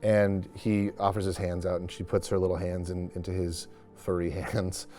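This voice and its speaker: Low-voiced man casually narrating a tabletop game. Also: little pitch movement, normal speed, dark tone, soft background music. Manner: casual, rambling, with many restarts. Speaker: game master.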